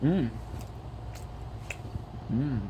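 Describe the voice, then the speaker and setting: A man's voice: medium pitch, expressive, extremely slow, highs cut off, a little hiss or hum. A man chatting casually on a gaming livestream, playful and rambling, tossing in French phrases. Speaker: gaming streamer.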